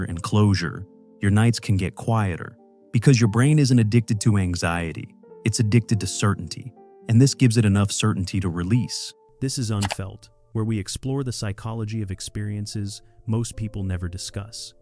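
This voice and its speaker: A man giving scripted psychology narration as a channel narrator, in a calm, measured and reassuring way. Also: fairly low pitch.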